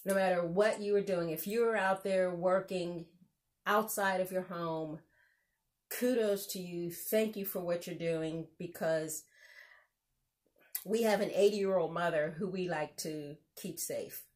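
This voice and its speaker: A woman's voice: lowish voice, unhurried, darkish tone. A woman hosting a casual home cooking demonstration, chatty and exuberant, laughing often as she talks through each step. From United States. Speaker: cooking show host.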